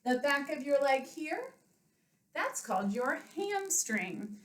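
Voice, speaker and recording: A high-pitched woman coaches children through a home workout, counting out loud and explaining each move simply. She sounds a little winded. The webcam picks her up from across an echoey room. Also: big pitch swings, slow. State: a little out of breath. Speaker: elementary school PE coach. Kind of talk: home workout lesson for kids. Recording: roomy webcam sound from a distance.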